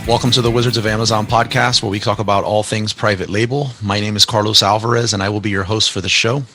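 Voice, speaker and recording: A man's voice: lowish voice, steady tone, quick pace, sharp tone, soft background music. A man hosting a podcast interview, chatting eagerly and often restarting his words. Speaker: podcast host. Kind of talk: casual interview chat.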